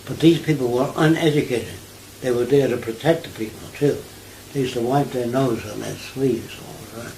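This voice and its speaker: A man's voice: mid-range voice, moderate pace, rough recording. Older new guy telling stories in an interview, keeps asking if you get it, bit of room noise. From New York. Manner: animated storyteller, asks listener if they follow. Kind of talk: conversational interview.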